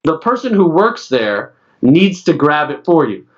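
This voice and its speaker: A man's voice: fairly high pitch, big pitch swings, unhurried. Chatty late-thirties man, lo-fi podcast. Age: late 30s. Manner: chatty storyteller, acts out other people's lines. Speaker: podcast co-host. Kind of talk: casual podcast chat. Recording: dull lo-fi sound.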